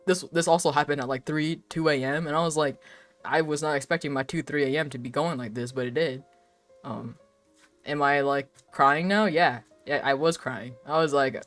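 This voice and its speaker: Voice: medium pitch, normal speed, fairly bright tone, faint music behind. A young adult live streamer chatting casually while drawing, rambling with lots of filler words, frequent laughs and swearing.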